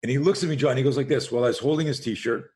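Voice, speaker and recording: A man's voice: mid-range voice, fast talker. A man in his sixties, a self-defense coach guesting on a podcast, telling stories with energy, acting out the voices he quotes and repeating words as he restarts a thought. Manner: animated storyteller who acts out quoted voices. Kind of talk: storytelling interview.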